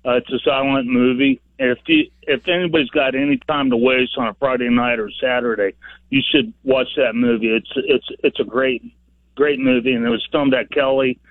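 A man's voice: mid-range voice, moderate pace, no echo. Rambling male caller on a tinny phone. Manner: rambling, repeats himself, many uhs. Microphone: telephone. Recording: dry tinny phone line.

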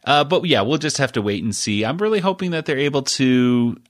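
A man's voice: mid-range voice, animated, fairly quick, no room sound, studio quality. A man hosting a podcast in casual chat, rambling, often laughing and breaking off mid-sentence. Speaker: podcast host.

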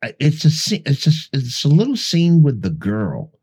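A man's voice: medium pitch, huge pitch swings, moderate pace, darkish tone, slightly rough. A man co-hosting a podcast, dryly recapping the plot of a bad old movie. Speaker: podcast co-host.

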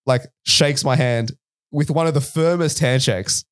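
A man's voice: mid-range voice, measured pace, no room sound, studio quality. An Australian man co-hosting a podcast, telling a rambling anecdote in casual chat, peppered with "right?" and "like". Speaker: podcast co-host.

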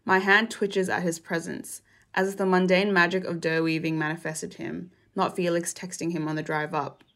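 Gravelly-voiced young woman reading an essay. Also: on the low side, flat delivery, a bit bright. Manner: measured, reflective reading. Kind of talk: reading a personal essay aloud.

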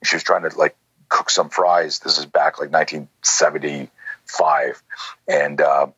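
Deep husky-voiced man in his sixties. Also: little pitch movement, unhurried, sharp tone, no room sound, highs cut off. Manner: rambling, lots of "you know" and "like". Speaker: self-defense instructor, guest. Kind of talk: conversational storytelling.

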